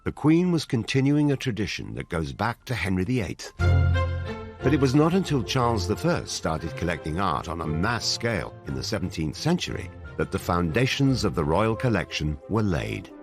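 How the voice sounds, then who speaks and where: Man, documentary narrator, very low voice, lively intonation, music underneath. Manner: measured, dramatic documentary delivery. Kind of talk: scripted narration.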